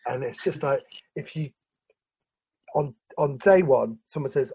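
Ranting man, husky voice. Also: medium pitch, a little slow, pauses often. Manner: ranting, animated, swearing, laughing. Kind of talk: casual chat. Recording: lo-fi recording.

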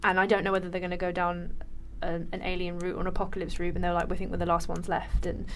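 A woman's voice: fairly low pitch, completely flat delivery, quick pace. Woman, casual co-host, rambling and chatty, light hiss behind her. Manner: chatty, rambling, many fillers. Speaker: podcast co-host. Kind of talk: casual chat.

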